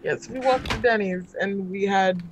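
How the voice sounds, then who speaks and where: A woman's voice: medium pitch, normal speed. Sarcastic, teasing woman gamer. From United States. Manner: sarcastic, teasing, laughs often. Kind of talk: casual gaming chat.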